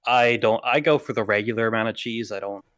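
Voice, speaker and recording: Blunt, swearing man with a low voice. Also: quick pace, a bit bright, no room sound, clean studio sound. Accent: slight Long Island. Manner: blunt, opinionated, swears freely. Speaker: podcast co-host. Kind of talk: casual debate chat.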